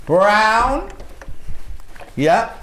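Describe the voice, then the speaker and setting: A man's voice: high voice, very animated, drawn-out words, a bit bright. A man with a British accent presenting live sales on a shopping channel, upbeat and urging viewers to buy. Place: TV studio.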